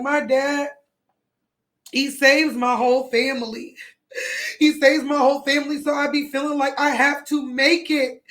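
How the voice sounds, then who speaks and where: A woman's voice: sits high, fairly bright tone. A young woman talking to her viewers on a livestream, tearful with her voice breaking, rambling and pleading. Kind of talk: emotional livestream talk to viewers.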